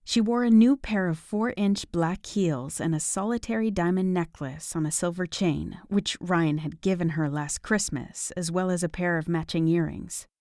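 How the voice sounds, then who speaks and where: A woman narrates a romance audiobook in an even, measured way. Her voice sits low, and the recording is close and dry, with no room around it. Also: no echo. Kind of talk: scripted narration.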